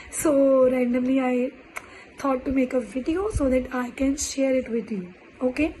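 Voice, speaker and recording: A woman teaching French in an online lesson, speaking deliberately and repeating words with many fillers. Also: sits high, warm tone, slight background noise, poor audio.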